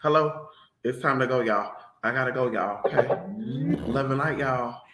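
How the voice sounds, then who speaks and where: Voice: medium pitch, normal speed, fairly bright tone, reverberant, slight background noise. A vlogger ranting to the audience in a sassy, profane, emphatic way. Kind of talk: ranting commentary to camera.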